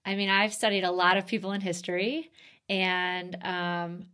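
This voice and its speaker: A woman hosts the interview, opening with a long, halting introduction full of fillers and restarts. Her voice sits a little low for a woman. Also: steady tone, sharp tone, smooth. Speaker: interviewer and author. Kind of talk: conversational interview.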